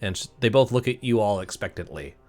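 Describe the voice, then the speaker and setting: A man narrating as game master of a tabletop game, relaxed and often laughing, with many uhs. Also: fairly low pitch, quick pace, faint music behind.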